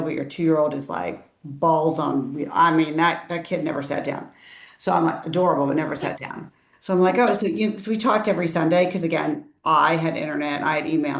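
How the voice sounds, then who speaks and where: A middle-aged woman hosting an interview, telling stories in a lively, chatty way and acting out what people said. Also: creaky. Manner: animated storyteller, acts out quotes with big pitch swings. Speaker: interview host, IVF parent. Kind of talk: casual interview chat. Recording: roomy echo.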